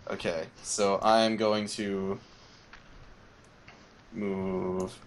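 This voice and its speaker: Low-voiced eager tabletop player. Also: male voice, level tone, drawn-out words. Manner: eager, asking rules questions and declaring attacks. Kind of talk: casual tabletop game talk.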